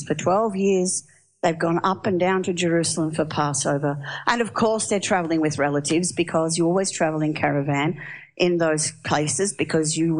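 A woman preaching a sermon, telling stories in a lively way and asking the audience questions. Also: deep voice. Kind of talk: sermon with storytelling.

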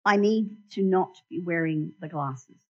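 A woman gives an animated, interactive sermon in a church. Her voice sits fairly low for a woman. The recording sounds dull and lo-fi, and she keeps turning to the congregation with questions. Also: a little slow. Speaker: church speaker.

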